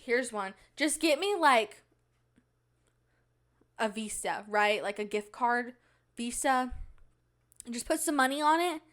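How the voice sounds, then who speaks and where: A woman's voice: high voice, fairly bright tone. A nineteen-year-old woman hosting her own podcast from a small home studio, rambling and chatty with lots of fillers. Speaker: podcast host. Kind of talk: casual solo podcast chat.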